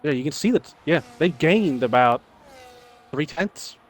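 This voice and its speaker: A man's voice: on the high side, lively intonation, unhurried. A man co-commentating a live online racing league in a casual, analytical way and laughing easily.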